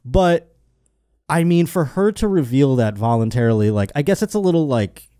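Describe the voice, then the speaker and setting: Male comedy podcast host, mellow tone, dry close mic, rambling and crude. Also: mid-range voice, big pitch swings, fairly quick, clear, resonant tone, no echo. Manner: crude, rambling, mocking put-on quotes. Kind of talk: casual comedic podcast banter.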